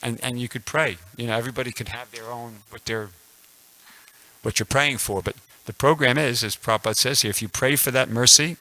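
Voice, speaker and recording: A man's voice: mid-range voice, fairly even intonation, fairly quick, pushed and bright, rough recording. A man in his sixties giving a casual scripture class at a temple, telling a personal story with many restarts and fillers. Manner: rambling, frequent restarts and fillers.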